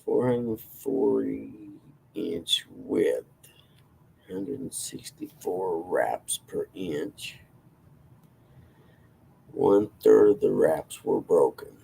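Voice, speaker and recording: A man's voice: low-pitched, drawn-out words, vocal fry, pauses often, dark tone, slight background noise. A man hosting a livestream, chatting casually with viewers in a rambling, self-deprecating way and chuckling often. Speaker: livestream host reading chat. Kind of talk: casual chat.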